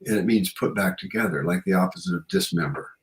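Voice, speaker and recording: This man's voice sits a little high, with vocal fry, and he talks quickly and very animatedly in a low-quality recording. A guest author and shamanic practitioner, he muses earnestly in a reflective interview, often saying "you know."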